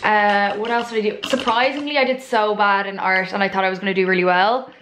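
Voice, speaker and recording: A woman's voice: medium pitch, steady tone, fast, noisy background. Irish woman in her twenties, rambling chatty vlogger, roomy echo. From Ireland. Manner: rambling, chatty, many fillers and asides. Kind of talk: casual chat while cooking. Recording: echoey room.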